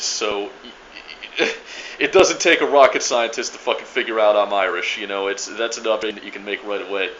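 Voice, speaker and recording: A man's voice: on the low side, a bit bright, lo-fi sound, a little hiss or hum. A man ranting to his viewers in a profane, rambling monologue, full of restarts and stammered repeats. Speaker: video blogger ranting to viewers.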